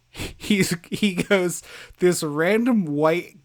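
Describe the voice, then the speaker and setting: Podcast guy rambling about a movie, slightly high voice, lots of um and uh. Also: drawn-out words. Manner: animated, rambling, lots of fillers and restarts. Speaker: podcast co-host. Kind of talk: casual movie podcast chat.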